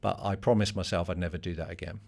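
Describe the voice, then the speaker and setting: A man's voice: low voice, steady tone, fast talker, gravelly, a little mellow. A middle-aged man, a business leader giving a conversational podcast interview in a straightforward, plain-spoken way. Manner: straightforward, conversational with many fillers.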